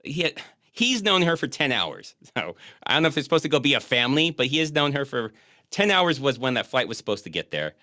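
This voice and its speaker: A man's voice: medium pitch, very animated, fast, bright, forceful tone, no room sound, studio quality. A man co-hosting a movie commentary podcast, chatting casually, joking and rambling, often laughing. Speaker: podcast co-host.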